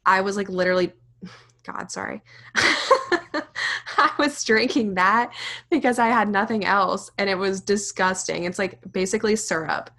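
A young woman co-hosting a podcast in casual chat, talking fast and loose with lots of "like" and "literally". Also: mid-range voice, fairly bright tone. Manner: chatty, says "like" and "literally" a lot. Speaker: podcast co-host.

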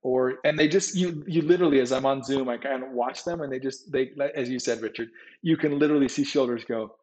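A man's voice: mid-range voice, fairly quick, a little mellow, poor audio. Reassuring male coach on a call. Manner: reassuring, repeats words, addresses host by name. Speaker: executive coach and guest. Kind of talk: conversational advice.

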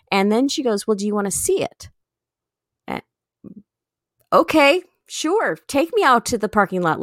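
A woman co-hosting a comedy podcast, telling a story in a casual, animated way and often jumping into high, excited bursts. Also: no echo, studio quality. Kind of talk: casual chat, telling stories.

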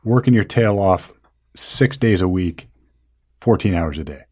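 A defense lawyer with a somewhat low, husky voice. He talks casually, and his pitch moves a lot as he prompts and sums up the story. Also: lively intonation, measured pace, a little mellow. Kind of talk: casual conversation.

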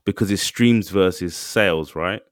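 A man co-hosting a podcast, talking in a casual, excitable way and acting out quotes. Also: low voice, normal speed, no room sound, studio quality. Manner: animated, excitable, acts out quotes. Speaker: podcast co-host. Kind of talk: casual chat.

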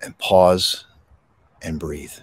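A man hosting a podcast, guiding a slow, soothing breathing meditation outdoors. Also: low-pitched, husky, dry recording. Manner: slow, soothing, calm delivery with pauses. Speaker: podcast host and meditation guide. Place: outdoors in a park. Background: birds.

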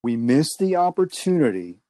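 A podcast host in a reflective conversation, explaining ideas in a calm, measured way with slow emphasis. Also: medium pitch, dry recording.

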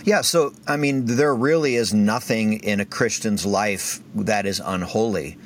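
A man sharing a faith story as a podcast guest, animated and acting out the voices of the people in it. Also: fairly low pitch, a little slow, a little hiss or hum. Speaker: guest speaker.

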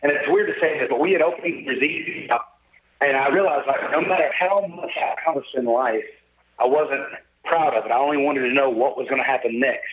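A man's voice: mid-range voice, brisk, muffled recording. A middle-aged man, telling his life story as a guest in a casual interview. He is upbeat and jovial and acts out the lines of the people he quotes. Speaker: podcast guest.

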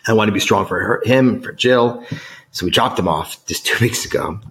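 A man's voice: lowish voice, moderate pace, fairly bright tone, slight background noise. A middle-aged man from the United States telling a personal story as an interview guest, emotional, earnest and emphatic. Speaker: guest author.

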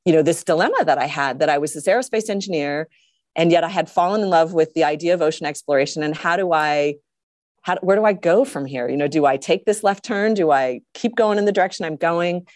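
A middle-aged woman, a guest astronaut, telling her story in an interview in a lively way, often laughing. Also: low-pitched, brisk, dry recording, clean studio sound. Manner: animated, laughs often, acts out quotes.

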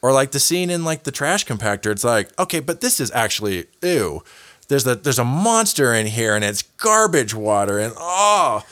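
A man hosting a casual panel chat, animated and acting out little quotes as he talks. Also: medium pitch, moderate pace.

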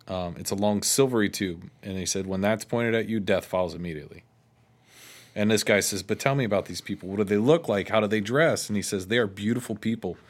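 A man's voice: lowish voice, fairly quick. A man co-hosting a casual chat, retelling an old legend with quoted lines and offhand asides. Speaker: podcast co-host.

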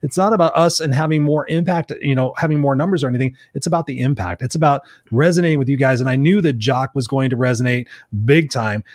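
A man's voice: medium pitch, fast, few pauses, darkish tone, no echo. Effusive American podcast host man, dry sound. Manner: enthusiastic, effusive, swears casually. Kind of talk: casual live-show talk.

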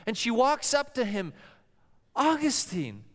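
A man's voice: high-pitched, animated, unhurried, fairly bright tone, clear, resonant tone. A man preaching a sermon as pastor, telling stories and acting out the voices of the people in them. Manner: storytelling preacher who acts out quoted voices. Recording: long hall reverb.

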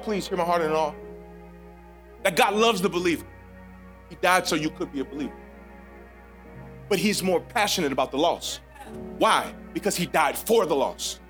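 A man preaching a sermon as a guest preacher, swinging from hushed, conversational asides to shouted lines. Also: high-pitched, lively intonation, moderate pace, long pauses, faint music behind. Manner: casual, conversational with playful voiced asides.

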